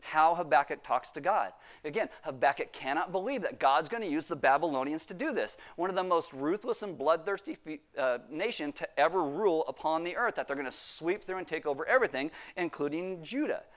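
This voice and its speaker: A pastor preaching a sermon, reading scripture and acting out quoted prayers with sudden bursts of emphasis. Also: male voice, a little high, animated, fairly quick, hardly any pauses, a bit bright.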